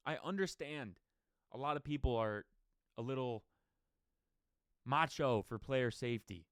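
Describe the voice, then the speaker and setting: A man hosting a sports podcast, giving an opinionated, rapid-fire solo rant full of rhetorical questions. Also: fairly high pitch, lively intonation, a bit bright, no echo, studio quality.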